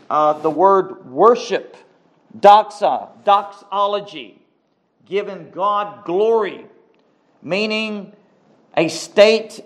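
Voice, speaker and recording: A man preaching a sermon, slow and emphatic, repeating key words for weight. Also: high-pitched. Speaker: pastor.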